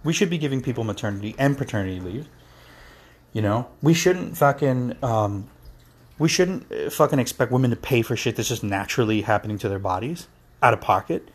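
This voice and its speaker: A man's voice: medium pitch, animated, a little fast, breathy edge. A man on a podcast giving a heated, profane monologue, ranting with passion. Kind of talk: impassioned monologue.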